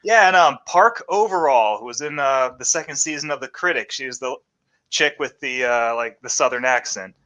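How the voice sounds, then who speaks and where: A man co-hosting a casual movie podcast, sarcastic and quick to laugh and swear. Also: medium pitch, sharp tone, highs cut off. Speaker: podcast co-host.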